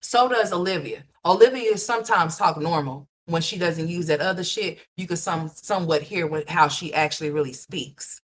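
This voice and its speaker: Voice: mid-range voice, moderate pace, few pauses, fairly bright tone. Blunt, profane livestream commentary host. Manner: blunt, profane, repetitive, talks straight to viewers. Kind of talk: ranting gossip commentary to live chat.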